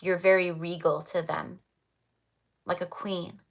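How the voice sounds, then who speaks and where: A woman with a somewhat low voice reads tarot cards on a livestream. She talks in a chatty way, full of fillers, and repeats her affirming spiritual phrases. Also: little pitch movement, unhurried, creaky. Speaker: tarot reader.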